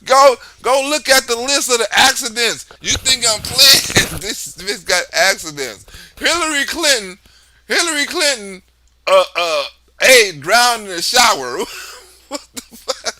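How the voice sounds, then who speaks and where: A man's voice: very high-pitched, lively intonation, a little slow, sharp tone, dry recording. A man hosting a livestream, talking in a loose, profane political rant, laughing often. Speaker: livestream host.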